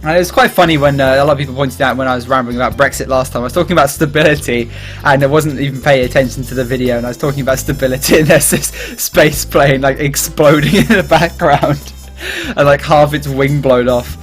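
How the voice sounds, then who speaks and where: A man's voice: medium pitch, quick pace. A young Englishman with an accent between the Midlands and the South, rambling and joking through gameplay commentary. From England. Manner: rambling, jokey, often laughing. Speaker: gaming YouTuber. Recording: faint music underneath.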